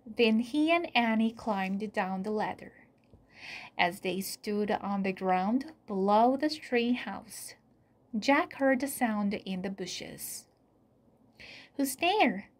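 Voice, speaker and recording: Slow, soft storybook reader. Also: female voice, medium pitch. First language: Korean. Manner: soft, often dropping to a whisper. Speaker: channel host reading aloud. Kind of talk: slow read-aloud storybook narration.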